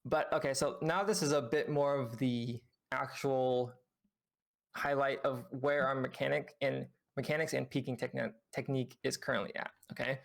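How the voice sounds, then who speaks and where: A man's voice: mid-range voice, steady tone, normal speed, gravelly. A man coaching a player through gameplay footage on a live stream, patiently explaining with lots of fillers. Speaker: game coach. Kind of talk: reviewing gameplay with a student on stream.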